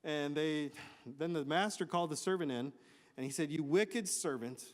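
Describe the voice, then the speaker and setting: A male pastor with a fairly high voice gives a loose, conversational sermon, slipping joking asides between scripture readings. His voice rings with a long reverb through a church hall. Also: moderate pace.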